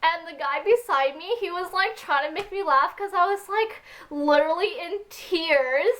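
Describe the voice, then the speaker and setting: Girl vlogging, high voice, rambly and upset, says like constantly. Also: normal speed, a bit bright. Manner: rambling and upset, packed with "like" and "freaking". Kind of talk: casual storytelling to camera.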